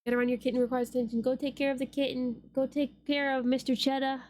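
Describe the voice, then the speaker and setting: A woman's voice: high voice, flat delivery, quick pace, darkish tone. A woman streamer chatting playfully with her viewers while she draws, swearing casually.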